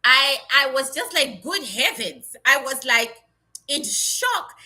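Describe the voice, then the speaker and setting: A woman psychic medium chatting casually, telling animated stories from her readings in blunt, salty language. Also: high voice, slow. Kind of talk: casual livestream chat.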